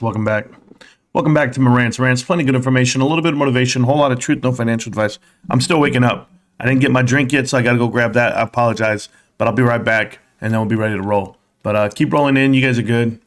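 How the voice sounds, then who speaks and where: A man's voice: medium pitch, steady tone, fast talker. A man hosting a casual livestream, rambling and asking rhetorical questions. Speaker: host.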